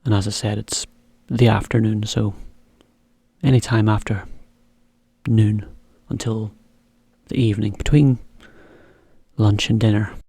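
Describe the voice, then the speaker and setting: A man teaching a slow, careful English lesson for learners, repeating each example phrase. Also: on the low side, warm tone, husky, no room sound, clean studio sound.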